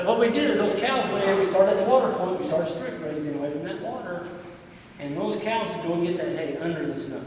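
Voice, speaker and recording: A man's voice: high voice, a little hiss or hum. A man with a Midwestern American accent giving a folksy, plain-spoken conference talk, telling stories with quoted back-and-forth. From United States. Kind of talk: conference talk with audience questions. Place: large hall. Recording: roomy hall, speaker heard from a distance.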